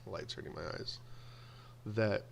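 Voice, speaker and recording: Gravelly man telling casual stories. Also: fairly low pitch, slow pace, a little hiss or hum. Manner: animated, acts out quoted voices. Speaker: video blogger. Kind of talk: casual storytelling monologue.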